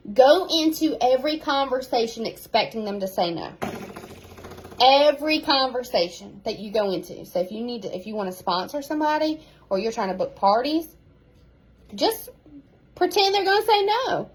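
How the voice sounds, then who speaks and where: Husky woman giving a pep talk. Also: fairly high pitch, poor audio. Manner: animated, repeats key phrases for emphasis. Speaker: direct sales team leader. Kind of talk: casual motivational talk to her team. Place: home.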